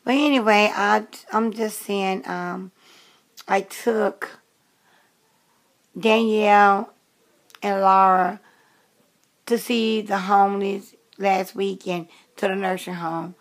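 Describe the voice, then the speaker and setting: A woman's voice: medium pitch, steady tone, slow, pauses often. A woman in her late fifties chatting casually to camera in a rambling way, with many fillers and restarts. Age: 50s. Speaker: vlogger.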